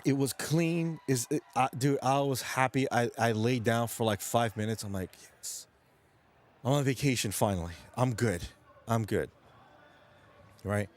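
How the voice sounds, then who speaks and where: A man's voice: medium pitch, unhurried, a little mellow. A man hosting a late-night stream, chatting loosely with viewers, rambling and swearing often, who says he came from New York. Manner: profane, rambling, restarts sentences. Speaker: livestream host. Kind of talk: casual rambling chat with viewers.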